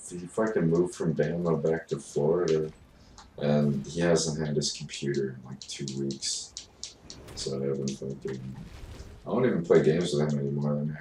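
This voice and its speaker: A young man with an extremely deep voice rambles in laid-back, profane streamer chat. He sits away from the mic. The sound is roomy, with faint noise behind him. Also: mellow, far from the mic. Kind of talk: casual chat.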